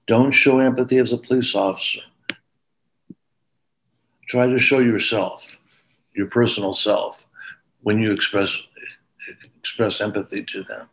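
A man's voice: mid-range voice, rough recording. A man giving a training lecture to police officers, earnest and emphatic, with frequent repetition.

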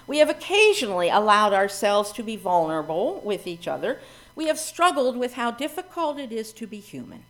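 A middle-aged woman minister giving a reflective sermon with expressive, varied emphasis. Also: mid-range voice.

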